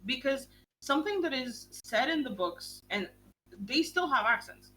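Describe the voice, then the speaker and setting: A young woman chats as host of a streamed book club, animated and gushing, with casual swearing. Her pitch leaps and dips all over. A faint hum sits under the recording. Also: normal speed. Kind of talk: casual chat.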